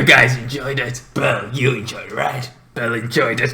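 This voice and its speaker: A man hosting a casual show-review vlog. He is excitable and swears freely, breaking into loud shouts. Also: medium pitch, a little slow, few pauses, very noisy. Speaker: TV show reviewer and channel host.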